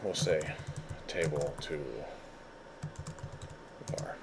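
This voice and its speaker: A man running a casual screen-share software tutorial, goofy and rambling with lots of fillers. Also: extremely low pitch, drawn-out words, noisy background. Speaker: instructor.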